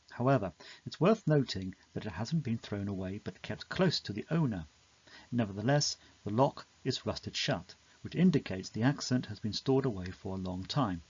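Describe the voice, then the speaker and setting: Male narrator for a study video, measured and explanatory, slightly dull lo-fi sound. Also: lowish voice, breathy edge. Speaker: teacher explaining a poem. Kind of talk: scripted educational narration.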